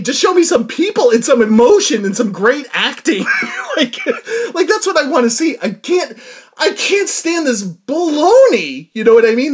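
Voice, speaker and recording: A young man ranting casually and comically, exasperated and laughing often, with lots of fillers. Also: sits high. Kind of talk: casual comedic rant.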